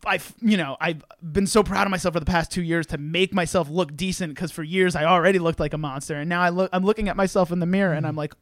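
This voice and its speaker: High-voiced animated man telling a story. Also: quick pace, dry recording, clean studio sound. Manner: animated, profane, acts out quoted people loudly. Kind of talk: casual storytelling chat.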